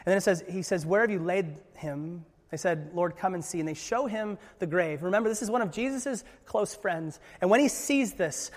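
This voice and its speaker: Man preaching in a church hall, high-pitched, earnest, swings loud to soft, echo of a big room. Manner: earnest, jokey asides, swings from loud to hushed. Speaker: pastor. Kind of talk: sermon.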